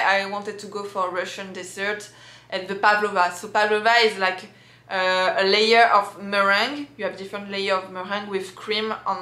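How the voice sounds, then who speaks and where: A woman's voice: medium pitch, pushed and bright. A young woman from France with a French accent, chatting casually in a vlog with many fillers and restarts. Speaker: vlogger. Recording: echoey room.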